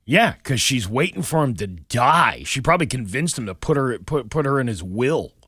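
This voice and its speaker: A man's voice: mid-range voice, big pitch swings, moderate pace, fairly bright tone, husky, no echo, studio quality. A male morning radio host cracking jokes in casual on-air banter.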